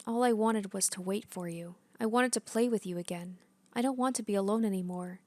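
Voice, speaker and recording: A woman's voice: medium pitch, a little fast, darkish tone, natural voice. A woman reading aloud the lines of a possessive, imperious young princess girl from a game. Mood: pleading. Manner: bossy, indignant reading.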